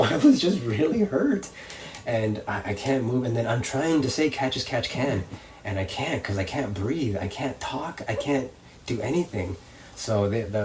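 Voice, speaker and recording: A man's voice: lowish voice, darkish tone. A young man, a professional wrestler, telling a story casually and acting out voices and crowd reactions. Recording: slightly distant mic, faint background noise.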